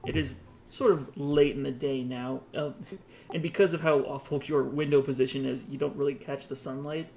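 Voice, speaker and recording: A man's voice: medium pitch, level tone, a little fast, darkish tone, slight background noise. A man narrating a tabletop game as game master, casual and laughing with asides to the players.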